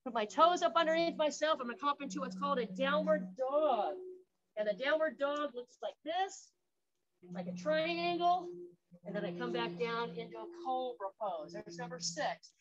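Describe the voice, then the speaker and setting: A park guide with a high, expressive voice leads an outdoor workout at a moderate pace, upbeat and a little out of breath. She demonstrates the exercises, counting reps aloud and cheering, and the audio is dull.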